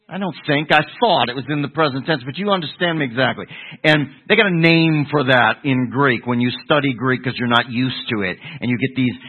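A man's voice: mid-range voice, husky, phone-quality sound. A middle-aged man preaching an expository sermon, emphatic, often repeating words as he builds a point. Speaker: pastor.

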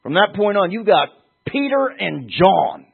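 A man's voice: high-pitched, very animated, measured pace, creaky, slightly rough. A man preaching a Bible-teaching sermon in a conversational, emphatic way, asking rhetorical questions. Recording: tinny phone-like sound.

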